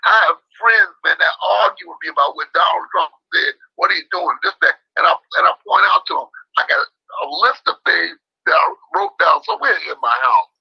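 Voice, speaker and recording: A man's voice: sits high, wildly swooping pitch, a little fast, gravelly, husky, no room sound. A man talking as an interview guest, emphatic, repeating himself for stress. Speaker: boxing trainer, interview guest. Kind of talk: casual interview talk. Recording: dull lo-fi dry sound.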